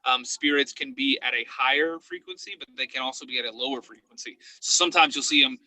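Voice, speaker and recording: A man guesting on a podcast as a paranormal investigator, telling stories in a casual chat and acting out quotes in an excited high voice. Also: fast talker, no room sound, rough recording.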